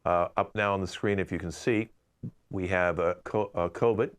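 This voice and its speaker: A man hosting a live online improv show, running the games with brisk, playful banter over a video call. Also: low voice, fairly even intonation, smooth.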